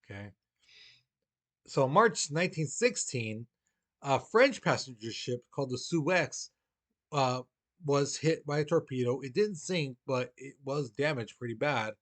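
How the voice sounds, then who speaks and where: A man's voice: mid-range voice, lively intonation, measured pace, fairly bright tone. A male teacher giving a casual, conversational history lesson, acting out quoted voices as he explains.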